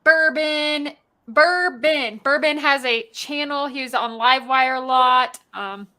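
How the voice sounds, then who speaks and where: A woman's voice: high voice, slow pace, pushed and bright. A woman hosting a casual live stream from her laptop, bubbly and joking, reading out viewer comments and laughing often. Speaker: show host.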